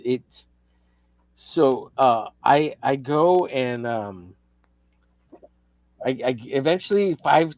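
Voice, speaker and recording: A man's voice: medium pitch, a little mellow, no echo. A man in casual livestream chat, telling a long story in a rambling, profane way with many restarts. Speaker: co-host of a drawing livestream.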